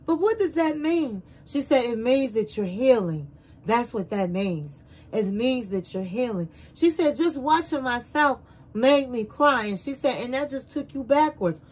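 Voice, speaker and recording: A woman hosting a casual show recap, retelling scenes in an animated way and acting out the quotes. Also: on the high side, slightly rough, low-quality recording.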